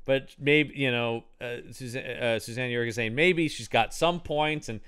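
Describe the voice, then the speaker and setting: A man co-hosting a podcast, chatting casually about an old movie, animated and laughing often as he slips into mock voices. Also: medium pitch, moderate pace, clear, resonant tone. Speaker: podcast co-host. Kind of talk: casual movie commentary chat.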